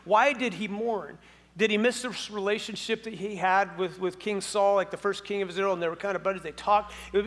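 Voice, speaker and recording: A man's voice: high voice, fairly bright tone, in a large hall. A male pastor giving a sermon in a church, speaking conversationally, asking the audience many questions, and adding touches of humor. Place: church sanctuary.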